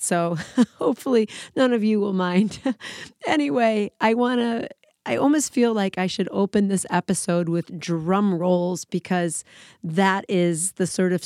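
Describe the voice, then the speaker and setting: A woman teacher hosting a podcast in casual talk, hoarse and scratchy as she recovers from laryngitis, chatty and laughing between phrases. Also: fairly low pitch, a little mellow, no room sound, studio quality.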